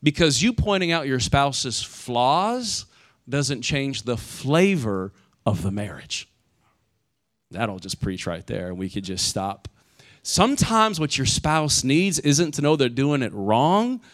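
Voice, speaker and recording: A man's voice: medium pitch, slow. A man in his forties preaching a sermon, telling stories with animation and asking "right?" again and again. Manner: animated storytelling, asks "right?" often. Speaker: pastor.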